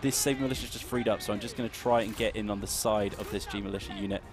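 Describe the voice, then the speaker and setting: Fast-talking man commentating a game. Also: fairly low pitch, over music. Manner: rapid, excitable play-by-play with self-mocking asides. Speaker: streamer playing a strategy game. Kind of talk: live gameplay commentary.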